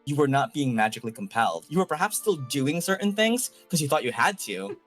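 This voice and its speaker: A man's voice: medium pitch, big pitch swings, brisk, fairly bright tone, soft background music. A man running a tabletop game as game master, rambling and thinking aloud with many fillers. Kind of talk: improvised tabletop narration and rulings.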